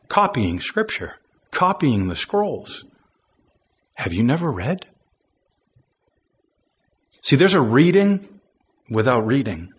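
A man's voice: medium pitch, slightly rough, lo-fi sound. A man preaching a sermon, reading scripture aloud and acting out quoted voices, building to impassioned emphasis.

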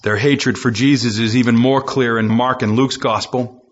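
A man's voice: medium pitch, fairly even intonation, moderate pace, highs cut off. A man preaching a sermon, reading scripture aloud and acting out quoted voices, building to impassioned emphasis.

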